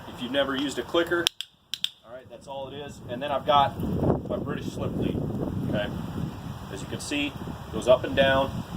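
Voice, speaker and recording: A man's voice: medium pitch, far from the mic, background noise. A man teaching dog training in a casual, to-the-point way, often saying "all right" between steps. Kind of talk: casual outdoor training demo.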